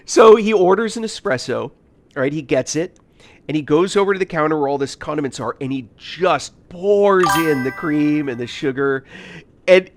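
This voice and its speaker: A man from the United States, streaming a game and telling casual stories, animated, laughing often and full of fillers. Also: a little high, moderate pace. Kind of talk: casual storytelling while gaming.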